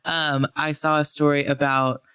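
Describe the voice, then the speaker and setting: A woman co-hosting a podcast, telling a quick chatty, self-amused story. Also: sits low, level tone, fairly bright tone, clean tone. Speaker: podcast co-host. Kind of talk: casual chat.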